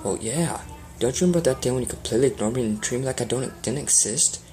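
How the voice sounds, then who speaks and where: A woman's voice: very deep voice, quick pace, warm tone, soft background music. A woman reading a fan story and voicing an earnest young soldier stallion who pleads his case. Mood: pleading.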